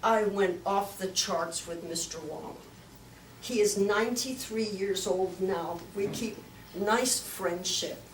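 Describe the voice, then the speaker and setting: An older woman giving a lively storytelling talk to a club, acting out the voices she quotes. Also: medium pitch, takes it slowly, slight background noise. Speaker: guest speaker. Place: club meeting room. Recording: echoey room, mic from far off.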